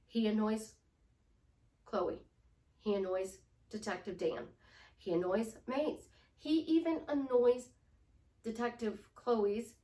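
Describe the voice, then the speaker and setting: A woman's voice: fairly high pitch, a little mellow, reverberant, far from the mic. A woman life coach giving a motivational talk, emphatic and repetitive, sometimes sinking to a whisper to show a point.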